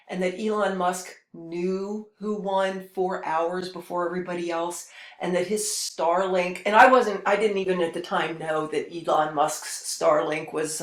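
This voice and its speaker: Woman spiritual host, mid-range voice, rambling delivery, reverberant room. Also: medium pitch. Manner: rambling, with frequent restarts and hesitations. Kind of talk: casual spiritual monologue.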